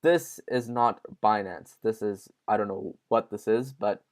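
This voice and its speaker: A man's voice: lowish voice, unhurried. Casual male crypto news host. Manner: informal, addresses viewers as guys, many fillers.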